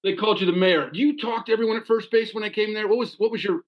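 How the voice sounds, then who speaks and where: A man's voice: high voice, quick pace, muffled recording. A man hosting a podcast, eagerly asking his guest questions and encouraging him in casual chat. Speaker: podcast host.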